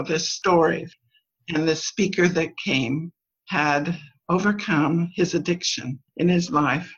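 An older woman, a grandmother, giving a church talk full of personal stories, told in a lively way and with the children's lines in a higher voice. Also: breathy edge. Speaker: church speaker. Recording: dull lo-fi recording.

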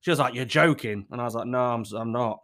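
A man in his thirties hosting a relaxed solo podcast. He talks in a cheeky, sweary, chatty way and often laughs at his own jokes. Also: mid-range voice, fast talker. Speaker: podcast host. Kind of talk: casual solo podcast chat. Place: at home in his kitchen.

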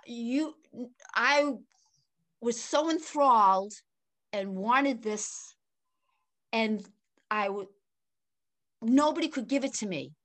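An older woman telling a personal story in conversation, animated and laughing often, swinging between excited and hushed. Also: on the high side. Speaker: guest.

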